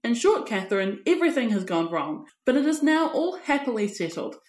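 A woman reading aloud and voicing a flustered, impetuous young gentleman explaining himself apologetically. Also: on the high side, sing-song, a little fast. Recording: echoey room.

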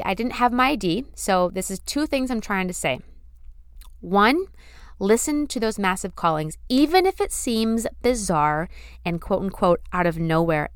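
A woman's voice: medium pitch, clear, resonant tone, no room sound, studio quality. Earnest, effusive woman podcast host. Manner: earnest, effusive, repeats phrases for emphasis. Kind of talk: casual spiritual podcast monologue.

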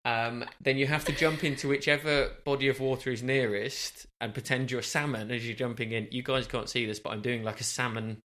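A man's voice: mid-range voice, steady tone, brisk, few pauses, fairly bright tone. A man co-hosting a casual podcast chat, teasing and jokey, rambling with plenty of fillers. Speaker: podcast co-host.

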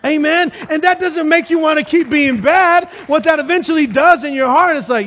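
High-voiced man preaching a sermon. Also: normal speed, hardly any pauses. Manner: lively, rhetorical, calls out to the congregation. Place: church service.

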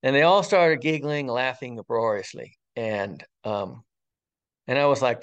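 A man in his sixties, an interview guest and retired fire captain, tells a personal story in an earnest, wondering way with frequent ums and pauses. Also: medium pitch, fairly bright tone, muffled recording. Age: 60s.

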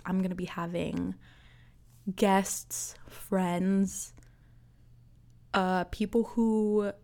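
A young woman in her twenties talks through a solo podcast episode, unhurried and chatty. She laughs easily and leans on "like" between thoughts. Her pitch sits in an ordinary middle range. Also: gravelly. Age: 20s. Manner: chatty, laughs often, says "like" a lot. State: out of breath. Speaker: podcast host. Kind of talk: casual solo podcast chat.

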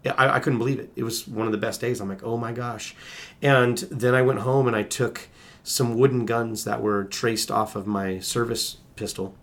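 Gravelly man telling his story. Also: mid-range voice, steady tone, normal speed. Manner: earnest, restarts and acts out quotes. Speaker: interview guest. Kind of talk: personal storytelling.

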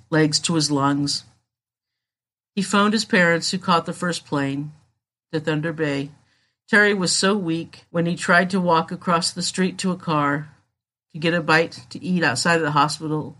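A narrator telling a true story in a measured, solemn scripted narration. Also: mid-range voice, steady tone, bright, forceful tone.

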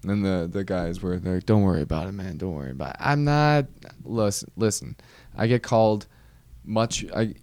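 A comedian hosting his own podcast tells a story in a low, darkish, animated voice at a moderate pace, with no echo. His delivery is wry and rambling, often breaking off mid-sentence in a casual storytelling monologue.

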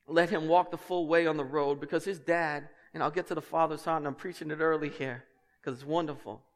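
A man preaching a sermon as pastor, passionate and emphatic, with conversational asides to his congregation. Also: fairly bright tone. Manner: passionate, emphatic preaching that climbs in pitch and volume. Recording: long hall reverb.

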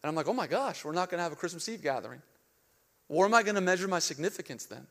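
Animated high-voiced young male pastor. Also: racing. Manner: animated storytelling, acting out panic with loud outbursts; drops to a soft hushed tone for reflective lines. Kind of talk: sermon.

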